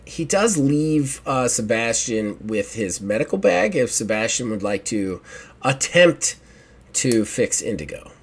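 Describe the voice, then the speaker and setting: A man runs a tabletop game as game master. He narrates casually, with fillers and chuckles. His voice sits at an ordinary middle pitch. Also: animated, unhurried.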